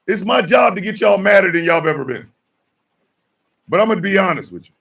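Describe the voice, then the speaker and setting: A man hosting a morning show, ranting in a fired-up monologue with shouted mock call-outs, his voice a bit off-mic. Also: high-pitched, quick pace, gravelly, recorded from a distance.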